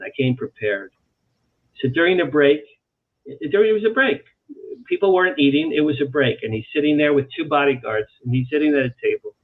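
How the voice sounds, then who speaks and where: A man, an author guest on an interview show, telling animated anecdotes and repeating phrases for emphasis. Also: mid-range voice. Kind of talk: storytelling in a talk-show interview. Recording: tinny phone-like line.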